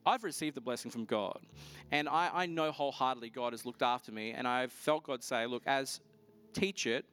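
A man preaching a sermon, telling a personal story in a lively, storytelling way, his voice rising sharply at the exciting moments. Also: mid-range voice, moderate pace, clean tone. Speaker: pastor.

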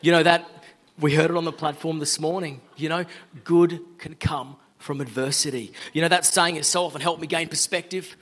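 A man's voice: fairly high pitch, fairly even intonation, normal speed, a bit bright. A middle-aged Australian man giving an earnest, conversational sermon-style talk as a guest speaker. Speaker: guest speaker, law firm owner.

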